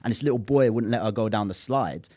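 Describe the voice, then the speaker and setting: A man's voice: fast, no echo, studio quality. A man, chatting as a comedian guest, slangy and laughing often. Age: 30s. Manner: animated storyteller, slangy, laughs often, jumps high when acting out scenes. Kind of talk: casual podcast chat.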